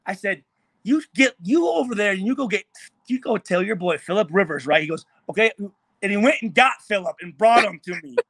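A man in a hotel room on a video call, a former football player telling animated, profane stories in casual chat. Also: high-pitched, a little fast, a little hiss or hum. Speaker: former NFL player guest.

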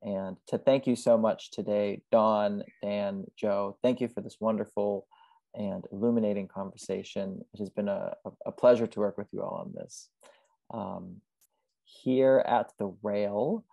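A man hosting an online arts talk, closing the session with halting thanks and announcements over a video call. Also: lowish voice, steady tone, gravelly, dark tone, no room sound. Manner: halting, with fillers. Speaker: host. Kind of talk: closing remarks.

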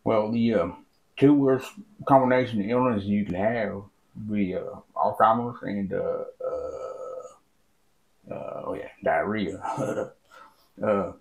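A man's voice: lowish voice, slow pace, gravelly, darkish tone, slightly rough, dry recording. A man telling one-liner jokes in comedy skits, drawling, hesitant with fillers and laughing at his own jokes.

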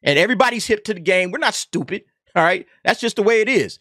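A man's voice: high-pitched, expressive, quick pace, pushed and bright, dry recording, clean studio sound. A man hosting a commentary channel, ranting in a sarcastic, emphatic way and tagging his points with "okay?". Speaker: YouTube commentary host. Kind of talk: heated opinion rant.

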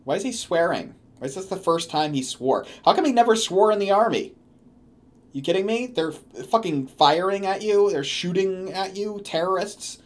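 Sarcastic man ranting, lively pitch. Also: normal speed. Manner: sarcastic, swearing, mocking rants. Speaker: commentary host. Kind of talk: comedic reading commentary.

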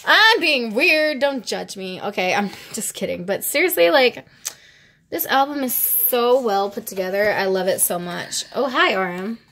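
A young woman vlogging as she unboxes an album, chatting casually and excitably, gasping, giggling and now and then dropping to a hushed whisper. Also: mid-range voice, moderate pace, gravelly. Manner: excitable, gushing, with gasps, giggles and squeals; drops to hushed whispers at times.

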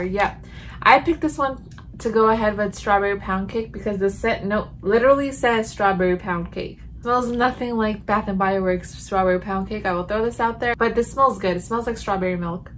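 A woman's voice: medium pitch, slight background noise. A woman chatting casually in a home vlog, reviewing candles and reacting as she smells each one. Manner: chatty, animated, sniffing and reacting. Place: home room.

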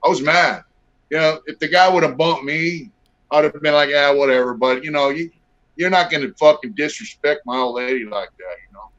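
A man's voice: a little high, moderate pace, a bit bright. Blunt laid-back middle-aged man, lo-fi. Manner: blunt, profane, laid-back storyteller with many fillers. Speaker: guest. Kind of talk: casual storytelling interview. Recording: dull lo-fi audio.

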